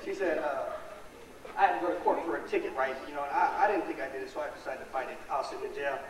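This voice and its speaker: A man's voice: a little high, rapid-fire. Young man doing stand-up in an echoey hall. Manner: rambling storytelling, acts out dialogue. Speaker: stand-up comic. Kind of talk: stand-up comedy routine. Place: hall with live audience. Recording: echoey hall recorded from far off with a noisy crowd. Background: loud crowd noise and laughter.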